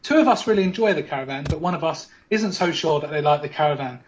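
A man's voice: on the high side, animated, fast, dull audio, slight background noise. A man hosting a podcast, running a mock game show with teasing, playful patter like a quiz commentator. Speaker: podcast host.

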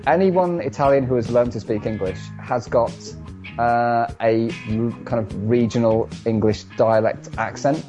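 A man's voice: medium pitch, measured pace, lo-fi sound, music in the background. A man co-hosting a casual podcast, wry and chatty, often laughing while he tells stories. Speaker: podcast co-host.

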